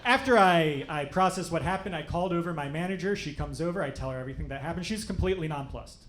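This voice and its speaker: A young man doing stand-up, telling a story in a dry, wry, deadpan way to a live audience. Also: fairly high pitch, fast talker. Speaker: stand-up comedian. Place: comedy club stage before a laughing audience. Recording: roomy live club sound, faint crowd noise.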